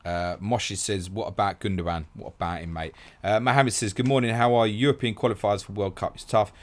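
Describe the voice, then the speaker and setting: Brisk low-voiced man hosting. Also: fairly even intonation. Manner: brisk, matey, reads questions then answers. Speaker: podcast host. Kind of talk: live stream answering listener questions.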